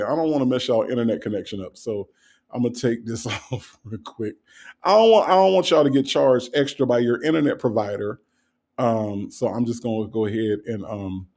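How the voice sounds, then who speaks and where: A man's voice: mid-range voice, gravelly, a little mellow. A man hosting a casual livestream, teasing his chat with repeated rhetorical questions and frequent laughter. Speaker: livestream host reading chat. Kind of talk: casual live commentary.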